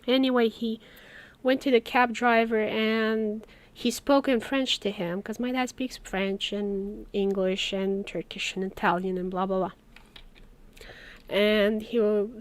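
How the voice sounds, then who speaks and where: A woman from Romania, chatting casually on a live stream and telling stories with little laughs. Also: a little high. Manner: chatty storytelling, laughs between words. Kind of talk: casual chat while working.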